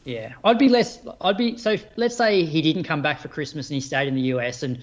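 Chatty opinionated man, higher voice. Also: a little fast, dull audio. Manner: opinionated, chatty, many fillers. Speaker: podcast co-host. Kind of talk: casual chat about running.

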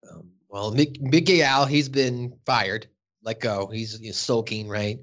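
A man's voice: medium pitch, unhurried, fairly bright tone. Rambling, casual male podcast host. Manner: rambling, filler-heavy, swears casually. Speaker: podcast host recapping a cartoon episode. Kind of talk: casual chat.

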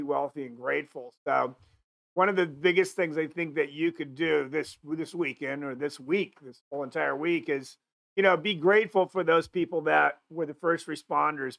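Male talk host with a gravelly, bright, slightly high voice who rambles through his points. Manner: rambling, with many restarts and fillers. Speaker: show host. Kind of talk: casual talk show chat.

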